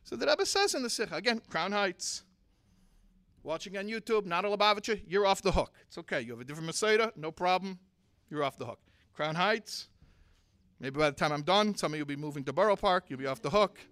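A man with a high, keen voice delivers a community sermon, dropping low for stories and building to forceful exhortation. The sound is close and dry, with no room around it. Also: lively intonation, brisk, dry recording. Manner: impassioned, swinging from hushed storytelling to forceful exhortation. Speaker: Torah teacher and speaker.

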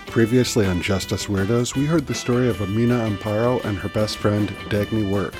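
A man's voice: fairly low pitch, brisk. A man hosting and narrating a serialized story podcast in a playful, upbeat way. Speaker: host and narrator. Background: music.

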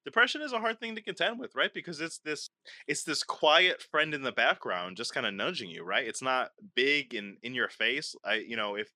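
A man's voice: medium pitch, expressive, normal speed, pushed and bright, dry recording, studio quality. Theatrical, profane male podcast host. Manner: theatrical mock outrage, profane. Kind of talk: casual chat.

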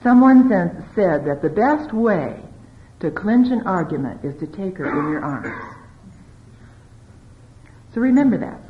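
A woman speaking to an audience about marriage, confiding and lively, acting out bits of dialogue as she tells stories. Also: mid-range voice, unhurried, pauses often, a little hiss or hum. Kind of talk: talk to a live audience. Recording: dull lo-fi recording.

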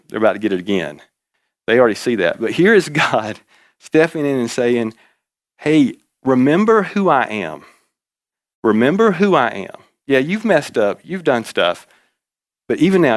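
A man's voice: on the low side, no echo. A middle-aged man, preaching a sermon in a folksy storytelling way, repeating key phrases for emphasis. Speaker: pastor.

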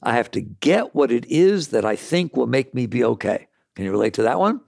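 A man giving a spiritual talk to an audience, animated and rhetorical, with laughing asides. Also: mid-range voice, brisk, vocal fry, dry recording, studio quality. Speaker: spiritual teacher.

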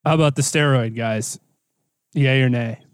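A man's voice: mid-range voice, measured pace, clean tone, no room sound, clean studio sound. A man co-hosting a sports talk podcast who chimes in with short, agreeable remarks. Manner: brief, agreeable interjections. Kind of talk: casual sports talk chat.

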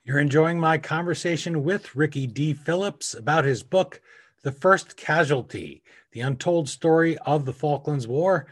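A man's voice: on the high side, a little slow, breathy edge. A man hosting a podcast, promoting his guest's book in a friendly way. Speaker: podcast host. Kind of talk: show announcement and plug.

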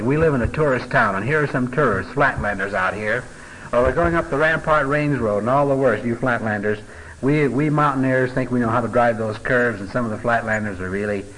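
A man's voice: medium pitch, fairly bright tone, poor audio. A middle-aged man teaching a Bible passage in a folksy, conversational way, with joking asides and filler words.

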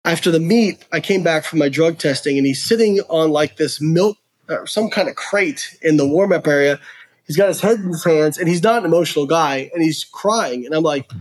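An animated podcast guest, a man whose voice sits a little higher than most. He talks frankly and earnestly, peppering his stories and explanations with "like" and "you know.". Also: normal speed. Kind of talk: casual storytelling and explaining research.

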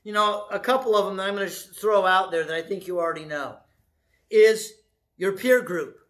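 A male pastor preaching a sermon in a lively, conversational way, often asking the congregation questions. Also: high-pitched, normal speed. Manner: animated, conversational, asks the audience questions.

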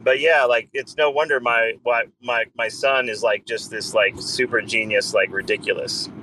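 Bright-voiced, joking man in a car. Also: mid-range voice, fairly even intonation, moderate pace, a little hiss or hum, low-quality recording. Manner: loose, profane, joking. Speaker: co-host. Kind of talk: casual group chat.

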